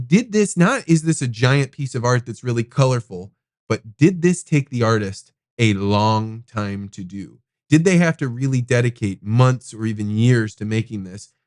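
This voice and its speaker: A man hosting a podcast, telling a personal story in a rambling, animated way with casual swearing. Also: mid-range voice, no room sound, clean studio sound. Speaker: podcast host.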